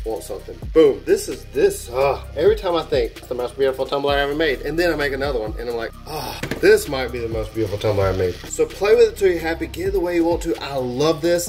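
Excitable man gushing through a craft tutorial. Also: mid-range voice. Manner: enthusiastic, gushing, exclaims while working. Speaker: airbrush artist and channel host. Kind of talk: hands-on craft tutorial, chatty.

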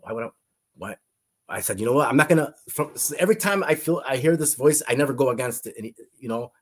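A man's voice: medium pitch, slightly rough. A man, a guest in an interview, telling an emotional faith testimony in an earnest, fervent way, often repeating words and restarting his sentences. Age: adult.

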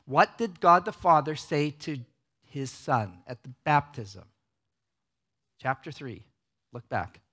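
A man's voice: a little high, very animated, slow, pauses often, a bit bright. Conversational male pastor preaching. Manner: conversational preaching, frequent "right?" checks with the audience. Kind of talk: sermon. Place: large cinema auditorium.

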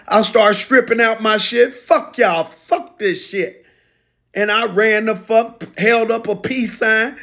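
A man's voice: high-pitched, fairly bright tone. A man playing a proud, defiant pro football player in a profane, indignant social media rant. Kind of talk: comedic impression monologue.

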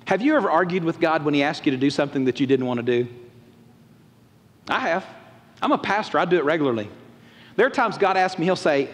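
A pastor preaching a folksy, animated sermon and acting out quotes. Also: male voice, high voice, fast. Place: church auditorium. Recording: long reverb of a large church hall.

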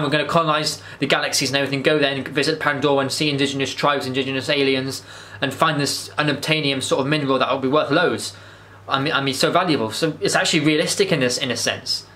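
A man's voice: fairly high pitch, pushed and bright. A man, rambling enthusiastically through a casual movie review monologue, with frequent restarts and swearing. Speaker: vlogger.

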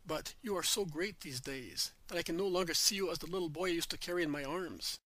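A man's voice: on the high side, brisk, no room sound, poor audio. A man voicing an affectionate, motherly older woman in a storybook reading, exclaiming fondly. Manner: warmly exclaiming.

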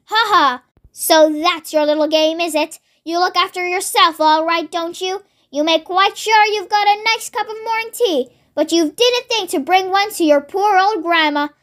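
Kid doing a cranky old granny yelling for her tea, bossy and greedy, super high voice. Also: normal speed. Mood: scolding. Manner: shouting, scolding. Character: bossy grumpy old grandmother, huge and greedy.

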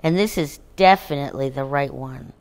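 A woman voicing an eager, kind young girl in a storybook reading, hopeful and quick to reassure. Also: extremely low pitch, voice pushed down. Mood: reassuring.

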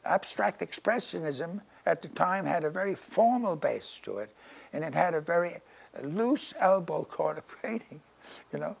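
A man's voice: on the high side, expressive, moderate pace, creaky, breathy edge. An older man telling rambling stories in an interview in his studio, peppering his talk with "you know" and "you see". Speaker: interviewee, painter. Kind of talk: casual anecdotal storytelling.

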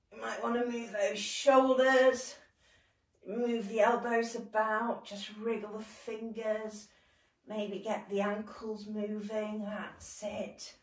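A young woman with a British accent guides a gentle exercise session in a slow, unhurried way. She sounds encouraging and laughs readily. Her voice echoes around the room, caught by a mic some way off. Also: on the high side, distant mic. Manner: warm, encouraging, laughs often. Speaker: dance and movement workshop leader.

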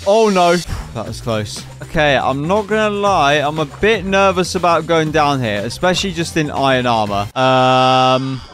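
A man's voice: on the high side, measured pace, few pauses, faint music behind. A man giving chatty, playful commentary over his own gameplay, cracking jokes and talking to the game as he goes. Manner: chatty, excitable, jokey asides to the game. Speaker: gaming YouTuber.

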